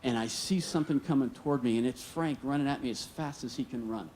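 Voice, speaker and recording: A man's voice: medium pitch, quick pace, darkish tone, a little hiss or hum. Earnest male storyteller on stage. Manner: earnest, vivid retelling with acted dialogue. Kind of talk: live personal storytelling. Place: stage at a museum storytelling event.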